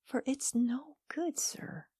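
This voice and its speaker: Woman doing a stubborn young suitor, raised and husky. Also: sits high, slow pace, mellow, no echo, whispered, clean studio sound, voice pushed up, exaggerated voice. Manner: mournful then fierce. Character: young man suitor, mournful but stubborn. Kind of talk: audiobook character voice.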